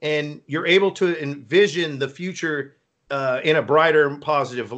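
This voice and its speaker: A man hosting a live stream, chatting casually and telling rambling, animated stories. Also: on the high side, moderate pace, muffled recording. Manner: rambling, animated storytelling with quoted voices. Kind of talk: casual chat.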